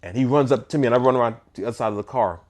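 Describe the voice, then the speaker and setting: Animated man telling a story. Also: medium pitch, racing. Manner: animated, conversational storytelling with mock disbelief. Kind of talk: storytime vlog.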